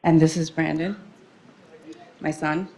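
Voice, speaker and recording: A woman's voice: sits low, little pitch movement, unhurried, dark tone. A woman speaking during public comment at a town council meeting, emotional and pleading as a parent.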